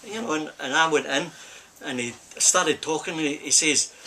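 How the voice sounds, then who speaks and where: An older man with a Scottish accent spins a long, winding anecdote, repeating "I says" as he goes. His voice sits a little high and sounds sharp and forceful. A faint hum of background noise stays underneath. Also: normal speed. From Scotland. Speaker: film stuntman. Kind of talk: casual storytelling interview. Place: film set during a break.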